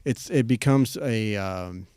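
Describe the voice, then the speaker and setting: A man's voice: fairly low pitch, slow, a little mellow, clear, resonant tone, no echo. Rambling male podcast host, dry sound. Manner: rambling, many fillers and restarts, laughs often. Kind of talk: casual interview chat.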